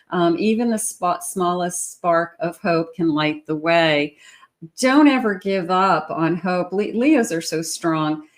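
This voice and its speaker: A woman giving a love tarot reading, speaking straight to the viewer in an encouraging way with frequent pauses and fillers. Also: on the low side. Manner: warm, encouraging, talks directly to the viewer with many fillers. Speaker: tarot reader.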